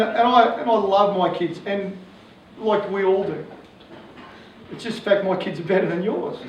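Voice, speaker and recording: An Australian man in his forties, a coach giving a joking, animated public talk to parents. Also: high voice, a little hiss or hum. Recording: echoey hall from far off, faint ambience.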